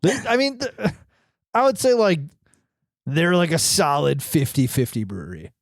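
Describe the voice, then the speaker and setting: Joking, lively podcast co-host man. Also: fairly high pitch, vocal fry, no room sound, studio quality. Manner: joking, chatty, halting. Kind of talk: casual chat.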